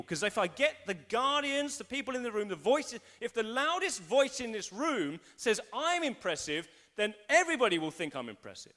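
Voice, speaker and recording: Male pastor, live sermon, animated delivery with voiced inner thoughts, bright high register. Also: moderate pace, few pauses. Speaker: senior pastor. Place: school hall used for a church service.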